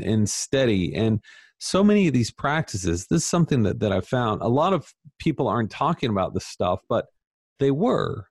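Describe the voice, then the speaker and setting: A man being interviewed as an author, talking casually in an animated, emphatic, self-deprecating way. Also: medium pitch, moderate pace, breathy edge, no room sound, clean studio sound. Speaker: author guest.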